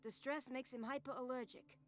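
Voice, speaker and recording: An actress playing a brisk, officious hospital nurse who speaks formally. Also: female voice, high-pitched, steady tone, soft background music, lightly acted. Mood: briefing.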